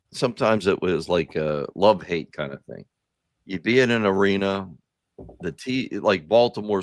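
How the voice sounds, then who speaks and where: Male podcast host, low and animated, dry close sound, profane nostalgic rambler. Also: no room sound. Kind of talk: casual chat.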